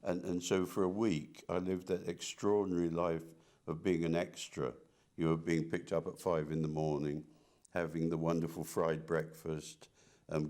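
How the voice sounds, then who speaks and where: In a relaxed interview, an older male artist with a very low, deep voice reminisces casually about his past. He often stumbles, restarts, and repeats words along the way.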